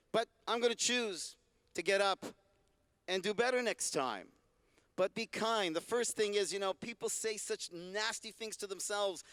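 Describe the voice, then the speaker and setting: On a convention hall stage, a male rabbi gives a talk and fields audience questions in a warm, joking, conversational teaching style. His voice is high-pitched with a clean tone and no echo.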